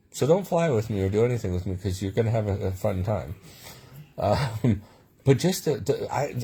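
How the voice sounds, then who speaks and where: Man, low mellow voice, rambling personal storyteller, many asides. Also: slightly rough. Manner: rambling, with frequent restarts and asides.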